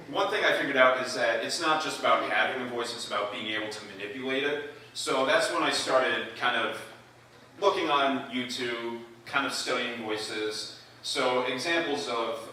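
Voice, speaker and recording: A young man talks to an open mic audience, hesitant and full of fillers. His voice is very bright and sharp, and the booming echo of a hall carries it from well back. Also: a little hiss or hum. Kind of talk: casual talk to an audience. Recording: echoey hall, mic far off.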